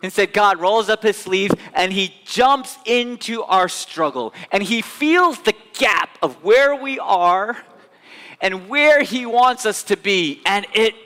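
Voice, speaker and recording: A man preaches in a church sanctuary with a high, bright voice. His delivery is animated, rising to loud emphatic bursts and sinking into soft, hushed passages. A long hall reverb trails every phrase. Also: gravelly. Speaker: pastor. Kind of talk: sermon.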